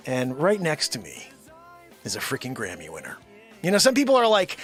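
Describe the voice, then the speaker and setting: A man hosting a daily live comedy stream, rambling and joking, swinging from loud bursts to muttered asides. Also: medium pitch, huge pitch swings, a little fast, soft background music. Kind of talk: unscripted live comedy chat. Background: his own intro song playing.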